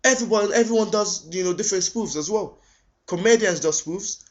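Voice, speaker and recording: Guy ranting on his webcam, kinda high voice, stumbles and repeats himself, muffled lo-fi sound. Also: a little fast. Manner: indignant, repeats words, rhetorical questions. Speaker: vlogger. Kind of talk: ranting video response. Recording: dull lo-fi webcam audio.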